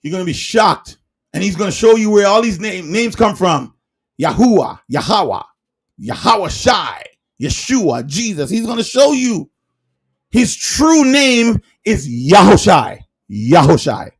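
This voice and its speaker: A man preaching in a livestreamed sermon, emphatic and firing rhetorical questions, sometimes shouting. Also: high-pitched, sing-song, a little slow, slightly rough.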